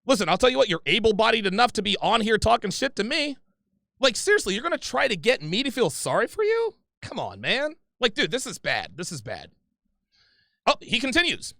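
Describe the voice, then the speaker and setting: A man's voice: extremely high pitch, big pitch swings, fast talker, gravelly, sharp tone, dry recording, studio quality. A man hosting a livestream, reading viewer super chats and answering them in a heated, profane, confrontational rant, repeating himself often.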